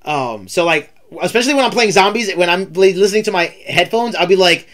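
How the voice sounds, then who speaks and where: A man's voice: high voice, expressive, a little fast, few pauses, fairly bright tone. A man hosting a casual livestream interview, talkative and rambling, repeating himself often. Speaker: streamer host.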